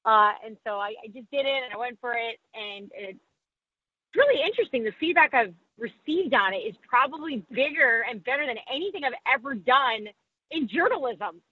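A woman's voice: a little high, animated, normal speed, no room sound, phone-quality sound. A woman sports reporter talking candidly in a podcast interview, poking fun at herself. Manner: candid, self-deprecating, quotes people in put-on voices.

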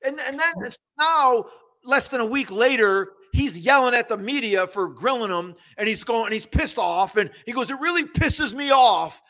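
High, bright-voiced ranting man. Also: moderate pace. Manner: animated, ranting, mocks quotes. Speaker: sports talk co-host. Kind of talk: casual sports chat.

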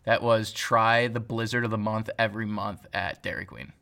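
Bright-voiced man joking as co-host. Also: fairly low pitch, steady tone, normal speed, creaky. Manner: teasing, joking banter. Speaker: podcast co-host. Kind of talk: casual chat.

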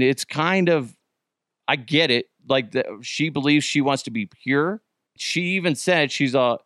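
Male comedy podcast host, mid-pitched, rambling casual chat, dry close sound. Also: a bit bright, no echo. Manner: rambling, with many restarts and asides.

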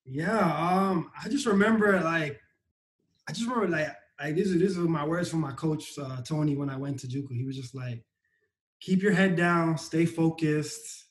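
A man who is a sprinter, a guest in a casual conversation, thoughtfully recalling his past with many pauses. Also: on the high side, reverberant, rough recording. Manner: reflective, hesitant with many ums.

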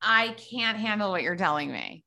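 Bright, playful woman co-host. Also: mid-range voice, expressive, normal speed, vocal fry. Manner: playful, teasing, laughs a lot. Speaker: podcast co-host. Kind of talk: casual chat.

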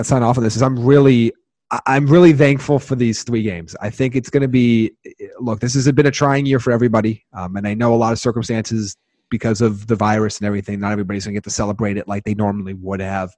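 Rambling, excitable male podcast host. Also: mid-range voice, fast, no echo. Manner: rambling and excitable, with many restarts. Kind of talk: casual podcast chat.

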